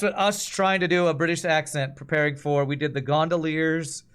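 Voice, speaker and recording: A man's voice: on the high side, fairly even intonation, moderate pace, few pauses, a bit bright, smooth. A man in his forties with an American accent, rambling through casual game commentary and reading out chat. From Texas, USA. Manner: chatty, rambling, reads chat aloud. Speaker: game streamer. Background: faint game music.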